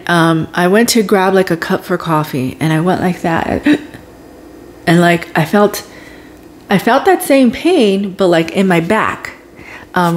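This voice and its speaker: Woman vlogging, kinda low voice, tells it dramatic with little whispery bits. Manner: animated, dramatic retelling with whispered asides. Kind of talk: casual storytelling vlog.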